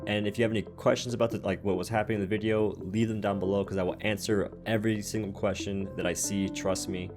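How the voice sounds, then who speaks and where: Low-voiced man explaining game builds. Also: quick pace, hardly any pauses, music in the background. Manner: casual, steady step-by-step explaining. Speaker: gaming channel host. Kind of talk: game build guide voice-over.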